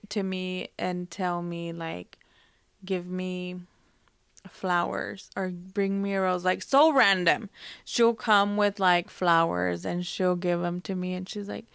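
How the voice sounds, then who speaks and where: Slow, soft-spoken woman host. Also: lowish voice, creaky, clean tone, no room sound. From Hispanic family, Spanish-speaking mother. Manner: soft, reflective, halting with many fillers. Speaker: podcast host. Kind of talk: personal storytelling.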